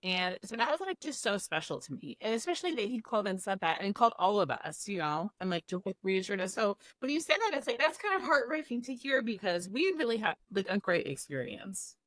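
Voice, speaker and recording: A woman's voice: medium pitch, big pitch swings, brisk, few pauses, a bit bright, no echo. A young woman from the American Midwest, a former cooking show contestant, chatting earnestly in an interview and saying "like" a lot. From Midwest of the United States. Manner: chatty, heavy use of "like", earnest. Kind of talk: casual interview chat.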